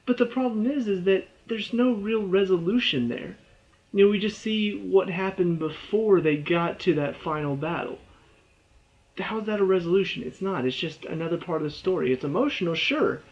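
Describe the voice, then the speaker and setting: A man with a high-pitched voice reviews a video game casually at a normal pace, rambling, correcting himself as he goes and chuckling often. The recording has a dull, lo-fi sound.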